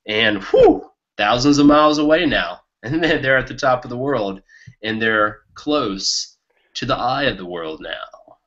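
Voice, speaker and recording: Enthusiastic man chatting about a book, bright forceful voice, muffled lo-fi recording. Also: medium pitch, a little slow. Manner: enthusiastic, excitable, laughs often. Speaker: podcast co-host. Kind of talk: casual book discussion. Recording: muffled lo-fi podcast audio.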